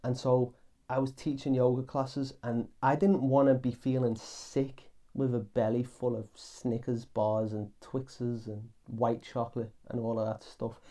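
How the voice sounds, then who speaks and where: A young man talks through casual self-help advice as a podcast host. His voice is mellow and warm, at an ordinary pitch. He speaks earnestly and with emphasis, circling back to repeat his key phrases.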